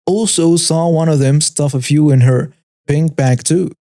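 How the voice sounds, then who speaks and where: Man narrating stories with a mellow tone. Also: a little high, a little slow, no echo, clean studio sound. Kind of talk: scripted narration of online stories.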